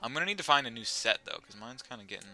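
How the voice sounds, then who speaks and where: A young man at home giving excitable, swearing commentary over his own gameplay, now and then yelling at his dog. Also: medium pitch, very fast. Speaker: gaming YouTuber.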